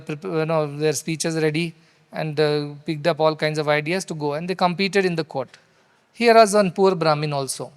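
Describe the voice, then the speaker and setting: A man's voice: a little high, clean tone. A middle-aged man, giving an earnest storytelling sermon with rhetorical questions and Sanskrit verses. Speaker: spiritual teacher. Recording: long hall reverb.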